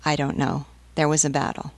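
A woman's voice: low voice, little pitch movement, a little fast, no echo. A woman voicing a frightened peasant mother who gives short, hesitant answers. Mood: fearful.

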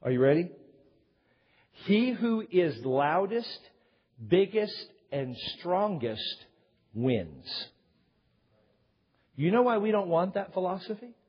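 A man preaching a sermon to a congregation as a pastor, telling family stories in an animated way. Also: high voice, slow pace, long pauses, breathy edge. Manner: animated storyteller, acts out yelling quotes. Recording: dull sound with long hall reverb.

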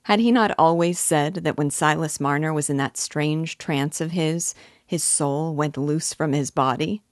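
A woman narrates a classic novel in a measured, even reading. Her voice sits low. The recording is dry and close. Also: dry recording. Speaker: literature teacher reading aloud. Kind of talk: audiobook narration.

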